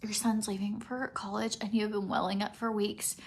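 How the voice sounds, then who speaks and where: At a brisk pace and with little movement in her mid-range pitch, a woman near forty rambles while doing her makeup at home. The makeup vlogger sounds teary and emotional, at times falling to soft near-whispers.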